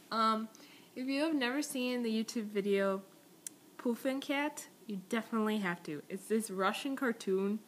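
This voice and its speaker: A woman's voice: medium pitch, a bit bright, slight background noise. A young woman chatting in a casual video message to friends. She talks in a rambling, giggly, awkward way, recorded on a tablet's built-in mic. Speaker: vlogger.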